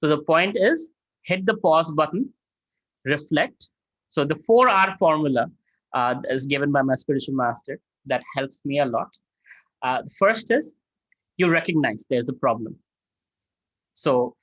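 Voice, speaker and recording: A middle-aged man giving a lively lecture-style answer on an online call, acting out angry quotes and asking "right?" often. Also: on the high side, measured pace, long pauses, dry recording. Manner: animated, acts out angry quotes, asks "right?". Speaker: spiritual mentor answering questions. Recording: dull lo-fi dry sound.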